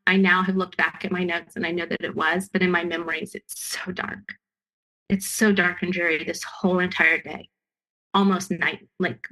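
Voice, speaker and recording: A woman's voice: mid-range voice, sharp tone, poor audio. A woman telling her own story as a guest, earnest and emphatic, often restarting her sentences. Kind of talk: personal storytelling.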